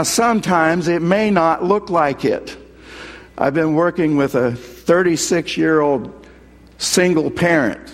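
Earnest preacher man in a reverberant hall. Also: fairly high pitch. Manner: earnest storytelling preacher, quoting scripture. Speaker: pastor and hospital chaplain. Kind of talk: sermon.

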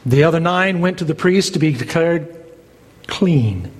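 A man's voice: on the high side, animated, a little slow. A male pastor preaching a sermon, dramatic, his voice climbing as he voices the exchange between Jesus and Peter. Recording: long hall reverb.

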